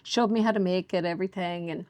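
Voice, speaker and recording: A woman in her forties with an Irish accent, a guest telling lively stories about her past in a casual interview. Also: fairly low pitch, quick pace, no room sound. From Ireland. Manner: chatty, animated storyteller, laughs at herself. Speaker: guest, bakery owner.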